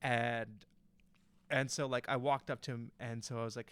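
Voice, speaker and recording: A man's voice: medium pitch, steady tone, moderate pace, fairly bright tone, clean tone. A young man casually telling a story on a podcast, rambling with lots of fillers and restarts. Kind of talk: casual chat.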